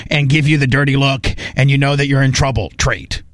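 A man's voice: medium pitch, fairly even intonation, a little fast, a bit bright, no room sound. Guy chatting casually, tells stories, stretches words out for emphasis, dry sound. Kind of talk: casual conversation.

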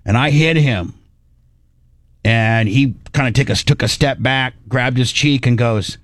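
A man's voice: medium pitch, unhurried, dry recording. Dry-voiced male radio host telling stories. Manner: animated, acts out quoted dialogue. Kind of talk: casual storytelling chat.

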